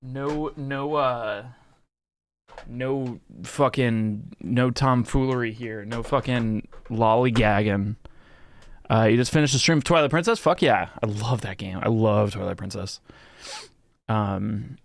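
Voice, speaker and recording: Gravelly swearing young male streamer. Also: medium pitch, slow pace. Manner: animated, swears often, mock-scolding his pet. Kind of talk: casual live-stream chat.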